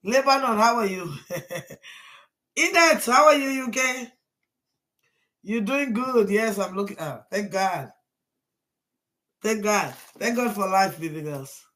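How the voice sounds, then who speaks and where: A woman's voice: mid-range voice, expressive, slow pace, pauses often. Rambling woman live-streaming. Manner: rambling, greets viewers one by one, rising to loud bursts. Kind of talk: casual live-stream chat.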